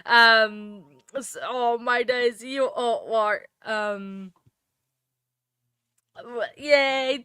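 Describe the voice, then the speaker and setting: Woman livestream host, bright higher voice, unhurried, gushing and easily distracted, dry close sound. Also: clean tone, dry recording. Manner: effusive, often laughing, easily distracted. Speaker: true crime livestream host. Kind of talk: casual livestream chat with viewers.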